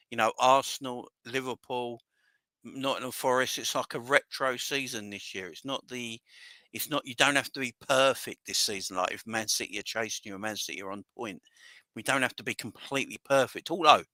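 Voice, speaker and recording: A man hosting a casual livestream, talking in a bright, forceful voice that wavers with emotion. He rambles excitedly and keeps shouting out viewers in the chat. The sound is dry and close. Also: medium pitch, brisk, dry recording. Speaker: fan channel livestream host.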